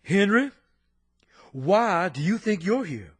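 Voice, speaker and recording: A man's voice: high-pitched, very animated, slow pace, husky, heavily acted. A man voicing a stern older male school disciplinarian who questions two boys in a formal, clipped military way.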